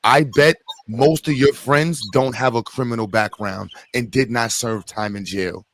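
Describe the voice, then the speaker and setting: A man's voice: mid-range voice, a little slow, fairly bright tone. A man hosting a stream, reacting and arguing in a blunt, profane, heated casual way. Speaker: stream host.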